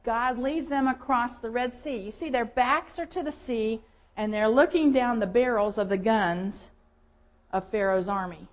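A woman pastor with a Southern American accent delivers a sermon at an unhurried pace, her voice on the high side. The recording is low quality. She brings Bible stories to life with lively storytelling and acts out quoted voices.

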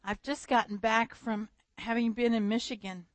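A woman preaching a sermon in a lively storytelling manner, often laughing. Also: fairly high pitch, moderate pace, no echo.

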